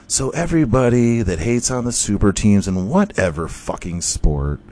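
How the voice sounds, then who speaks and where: A man's voice: fairly low pitch, expressive, normal speed, darkish tone, slight background noise. A man hosting a podcast, rambling through a profane, jokey rant in a casual way. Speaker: podcast host.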